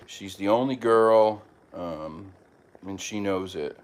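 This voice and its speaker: Low-voiced guy rambling about his pets at home, lots of ums, faint room noise. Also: slow pace. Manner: rambling, with many fillers and restarts. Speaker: podcast host. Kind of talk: casual chat.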